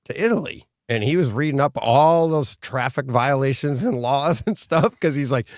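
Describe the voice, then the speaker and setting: A joking man from New England who tells stories and laughs as he talks. His voice sits in the middle pitch range and is recorded very dry and close. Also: moderate pace, few pauses, no room sound. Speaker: co-host. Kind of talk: casual chat.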